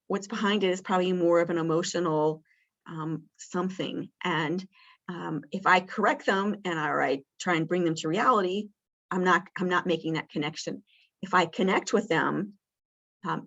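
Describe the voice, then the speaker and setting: A woman's voice: lowish voice, muffled recording. A woman presenting a session on communicating with people with dementia, talking casually with lots of fillers and acting out what a caregiver might say. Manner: warm conversational teaching with many fillers; acts out caregiver lines in a bright, lifted voice. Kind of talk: interactive training session.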